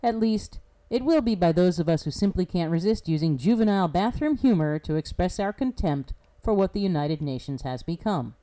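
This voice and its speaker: A woman's voice: fairly low pitch, lively intonation, fairly quick, hardly any pauses, warm tone. An American woman host delivering a sarcastic, mocking scripted opinion commentary. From United States. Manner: sarcastic, mocking, laughs at her own jokes. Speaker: podcast commentator.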